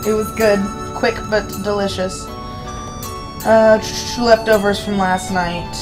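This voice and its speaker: A woman's voice: mid-range voice, level tone, takes it slowly, music in the background. A woman, chatting casually and rambling to her viewers while streaming a game. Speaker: streamer playing a visual novel. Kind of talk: casual live-stream chat.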